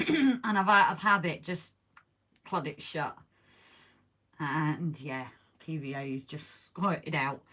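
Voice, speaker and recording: Woman, deep voice, chatty live-stream host, losing her voice, reads viewer comments. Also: slow pace, a bit bright. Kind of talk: casual live stream chat while modelling. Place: indoors at a model railway layout.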